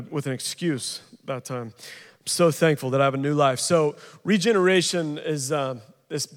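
A man in his thirties giving a casual, humorous testimony at a recovery ministry meeting, chatty and full of fillers. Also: a little high. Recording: long reverb of a large hall.

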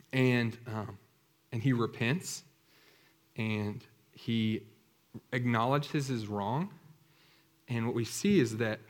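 A man preaching a sermon who retells a scripture story in a conversational, animated way. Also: medium pitch.

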